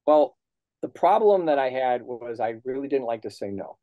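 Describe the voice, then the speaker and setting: A man's voice: medium pitch, moderate pace, no room sound, highs cut off. A middle-aged man telling stories as an interview guest. He acts out quoted dialogue and swears casually. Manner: lively storyteller who acts out quoted dialogue. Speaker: guest, comics writer and colorist. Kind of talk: anecdotal interview storytelling.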